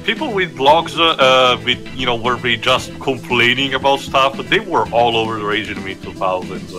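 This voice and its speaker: A joking co-host who drifts into side remarks while the game plays. His voice sits at a mid pitch, with clear game music behind it. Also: moderate pace. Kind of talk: casual let's play commentary.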